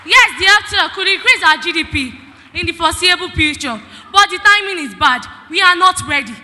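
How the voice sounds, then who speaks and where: A woman's voice: extremely high pitch, expressive, brisk, sharp tone. A Nigerian teenage girl giving a formal school debate speech, emphatic and full of rhetorical questions. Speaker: student debater. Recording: hall reverb.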